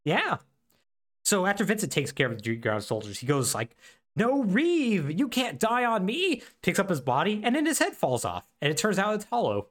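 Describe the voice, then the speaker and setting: A man co-hosting a podcast, recapping a game with animated, sarcastic storytelling. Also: on the high side, fairly quick. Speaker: podcast co-host.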